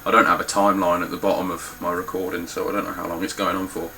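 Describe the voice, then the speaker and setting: A man's voice: low-pitched, flat delivery, fast talker, pushed and bright, rough recording. A young man talking casually through his game collection, blunt and swearing freely. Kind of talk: casual spoken collection walkthrough.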